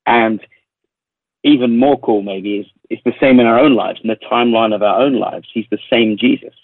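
A man from England with a London accent, a worship leader speaking in a radio interview, reflective and pausing with ums and repeated words. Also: medium pitch, vocal fry, slightly rough, dry recording, narrow, tinny audio. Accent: London English. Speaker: worship leader and recording artist.

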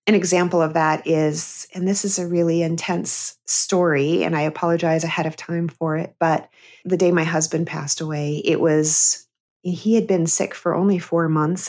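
A woman's voice: sits low, little pitch movement, normal speed, darkish tone. A middle-aged woman, a therapist and comedian, telling a candid personal story as a guest on an interview show. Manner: earnest, candid storyteller who breaks into laughter.

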